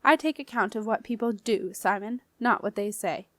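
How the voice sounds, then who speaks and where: A woman's voice: mid-range voice, normal speed, no echo, natural voice. A woman voicing an imperious woman wizard who speaks sharply and icily. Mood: icy. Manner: icy, sharp, impatient.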